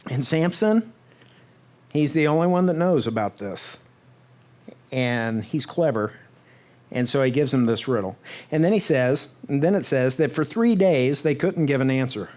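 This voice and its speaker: A man's voice: mid-range voice, expressive, a little mellow. A man preaching a church sermon in a conversational storytelling way, often checking in with the congregation and briefly acting out what the characters say. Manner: conversational storytelling with frequent "right?" asides; acts out the characters' words in quick bursts. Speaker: pastor. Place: church sanctuary.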